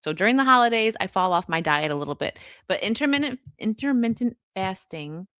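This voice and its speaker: A young woman hosting a live stream, reading chat and chatting casually, laughing often with quick asides. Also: medium pitch, expressive, a bit bright, dry recording, clean studio sound.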